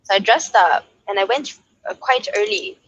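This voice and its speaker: A woman's voice: medium pitch, normal speed, breathy edge, dry recording, muffled recording. A young woman from Malaysia, a singer-songwriter, telling a story in a casual interview and acting out quoted voices. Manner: lively, acts out quoted voices, laughs often.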